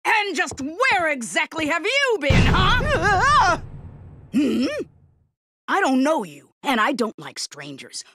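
Cranky old village lady, high swooping voice, snaps at everyone, game dub. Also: wildly swooping pitch, slow pace, bright, forceful tone, full character voice. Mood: brusque. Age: older. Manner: brusque, demanding. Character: gruff impatient older village woman.

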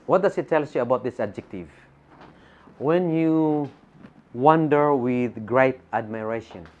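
This preacher, a man with a Filipino accent, speaks unhurriedly in a medium-pitched voice with its highs cut off. Addressing a church congregation, he reads Bible verses and puts rhetorical questions to the listeners.

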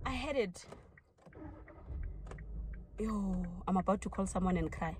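A young woman from South Africa talks to her viewers from behind the wheel, flustered, often exclaiming and laughing at herself. Her pitch sits in a middling range. The car's engine and road noise come through clearly behind her voice. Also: a little slow. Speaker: vlogger. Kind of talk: casual vlog chat while driving. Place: inside a car on rural roads. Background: car and road noise.

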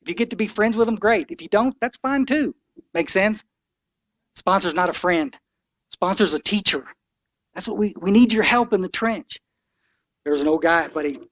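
A man's voice: sits high, expressive, moderate pace, long pauses, no room sound, lo-fi sound. A man in his sixties giving an impassioned, folksy talk to a recovery meeting, preachy and blunt.

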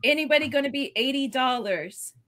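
Lady calling bids on a live auction stream, crisp bright voice, a little high, faint hiss behind. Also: a little fast. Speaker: co-host.

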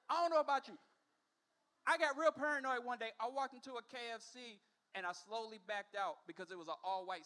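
High, bright-voiced man doing stand-up. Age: 40s. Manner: animated storytelling, acting out other people's voices. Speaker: stand-up comedian. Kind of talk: stand-up comedy set. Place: comedy club stage.

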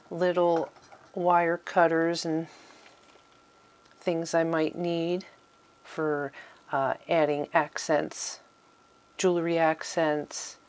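Middle-aged lady showing off her tiny art room, chatty, slow and low. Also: a little mellow. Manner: chatty, with fillers and little laughs. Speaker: vlogger giving a studio tour. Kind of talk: casual tour talk. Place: small home craft room.

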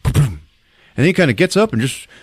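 A man hosting a podcast, retelling a movie in a jokey, laughing, animated way. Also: mid-range voice, a little slow, slightly rough, no room sound, clean studio sound. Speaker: podcast host. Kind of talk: casual movie recap.

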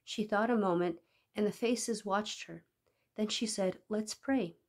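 A woman narrating a story with calm, measured delivery. Her voice stays steady and clear through the telling, in a middle pitch. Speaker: reader. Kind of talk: audiobook reading of a story.

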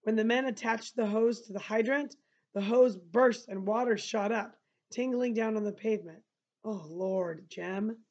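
Woman teacher, novel read-aloud with explanations, fairly high voice, dull lo-fi recording. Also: fairly even intonation, normal speed, a little mellow. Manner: breaks off the reading to explain to listeners.

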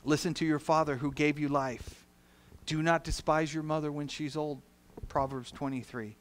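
A man preaches a sermon to his church, his voice sitting a little higher than most men's. He is earnest and pastoral. He moves between hushed, gentle lines and strong, emphatic ones. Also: steady tone, moderate pace. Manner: earnest preaching, swings from soft to loud. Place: church sanctuary.

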